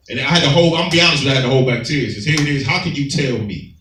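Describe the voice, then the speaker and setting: A man's voice: mid-range voice, rapid-fire, fairly bright tone, slight background noise. A man teaching a Sabbath class, preaching emphatically in a streetwise way and often asking his listeners if they follow. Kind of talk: preaching scripture commentary. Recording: roomy, far from the mic.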